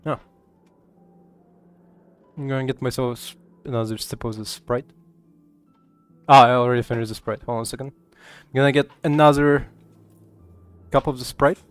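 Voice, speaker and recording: A man's voice: mid-range voice, steady tone, moderate pace, long pauses, clean tone, no echo, soft background music. A young man from Ukraine streaming a game, chatting casually in a rambling way, stammering, and swearing freely. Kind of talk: casual gaming chat.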